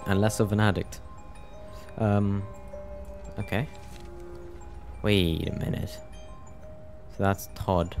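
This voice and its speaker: A man's voice: fairly low pitch, steady tone, takes it slowly, long pauses. A young man giving casual let's play commentary, muttering wry reactions to a game. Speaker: gameplay commentator. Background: game music.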